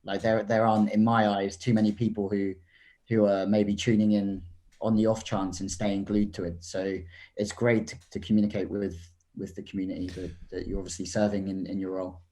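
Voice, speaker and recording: A man's voice: fairly low pitch, little pitch movement, brisk, warm tone. A man with an English accent, a commentator and coach, chatting casually on a podcast and laughing easily. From England.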